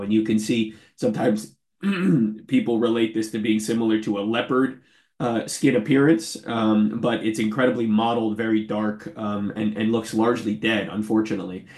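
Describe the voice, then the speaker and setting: This is a man in his forties giving a lecture from his office over a video call. His fairly low voice is turning hoarse, yet he stays earnest and friendly. The sound carries a clear room echo. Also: fairly even intonation, a little fast, a little mellow. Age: 40s. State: losing his voice. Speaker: invited lecturer. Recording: roomy echo.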